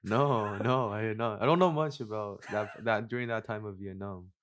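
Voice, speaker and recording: Host: man, lowish voice, quick casual questions, many restarts. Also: a bit bright. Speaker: podcast host. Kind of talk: casual podcast interview.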